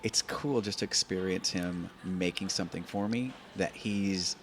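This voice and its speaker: A man in his fifties with a low, deep voice tells stories on a podcast. He talks in an animated, rambling way, stacking up repeated words as he gathers his thoughts. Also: normal speed, slight background noise. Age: 50s. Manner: animated, repeats words and restarts while thinking. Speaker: podcast guest. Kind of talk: conversational storytelling. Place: open-air bike and coffee shop in a garage.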